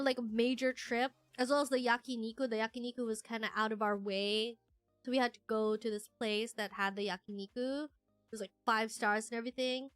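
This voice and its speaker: Giggly, rambling woman streamer with a bright voice, quiet music underneath. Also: on the high side, clear, resonant tone, no room sound. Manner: giggly, rambling with many fillers. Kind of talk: casual livestream chat, reading chat aloud.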